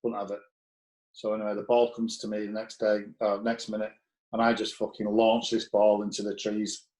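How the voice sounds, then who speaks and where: A man's voice: fairly low pitch, monotone, moderate pace, darkish tone, low-quality recording. A man, a former footballer appearing as a guest, telling stories in a blunt, profane way and acting out quoted dialogue. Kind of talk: casual anecdotal storytelling.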